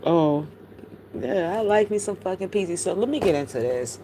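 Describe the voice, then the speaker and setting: A woman's voice: lowish voice, moderate pace, slight background noise. A woman in casual live-stream commentary, telling rambling stories to her chat with heavy profanity. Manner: profane, animated, rambling storytelling.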